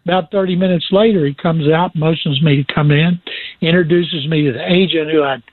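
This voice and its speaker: A man spinning lively sports anecdotes as a guest, doing quick impressions of the people in them. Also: fairly high pitch, no room sound. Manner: lively, imitates people in his stories. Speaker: guest recounting sports stories. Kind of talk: anecdotal storytelling. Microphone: phone. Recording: tinny phone line.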